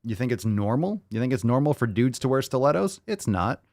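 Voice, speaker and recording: A man's voice: mid-range voice, sing-song, brisk, darkish tone, no room sound, studio quality. A man hosting a show, reacting to video clips with blunt, profane, mocking commentary.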